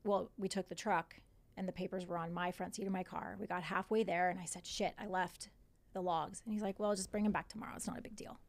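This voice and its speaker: A fairly low, fairly even voice, delivered a little fast, belongs to a podcast guest in her forties. She animatedly relates her own story in conversation, repeating what others said and swearing.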